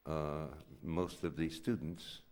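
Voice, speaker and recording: An older man, a poet, reading his work live on a theatre stage in an incantatory chant that builds to loud cries, then talking plainly to the audience. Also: extremely low pitch, fairly even intonation, slow pace.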